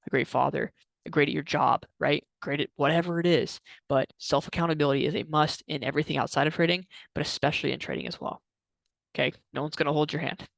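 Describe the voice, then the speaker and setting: A young adult man giving an energetic motivational talk to camera, repeating himself and using lots of fillers. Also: a little high, creaky, no echo. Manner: energetic, repetitive, filler-heavy. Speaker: trading coach vlogger.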